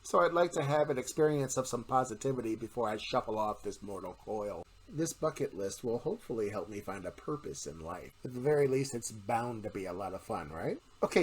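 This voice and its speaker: Husky man chatting on his vlog. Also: medium pitch, animated, a little fast. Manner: chatty, self-deprecating, blunt. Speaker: vlogger, channel host. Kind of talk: casual vlog with a told joke.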